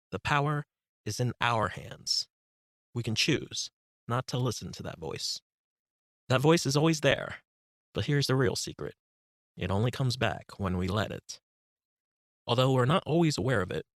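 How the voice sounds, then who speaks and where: Calm man narrating a meditation guide. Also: mid-range voice, no echo, studio quality. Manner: calm, instructive, unhurried. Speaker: author narrating his book.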